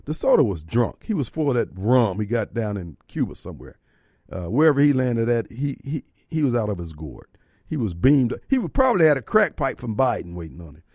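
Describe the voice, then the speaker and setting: A man's voice: mid-range voice, sing-song, a little fast, a little mellow, no room sound, studio quality. A man hosting a radio talk show, preaching his opinions and firing off rhetorical questions. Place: radio studio. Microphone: studio microphone.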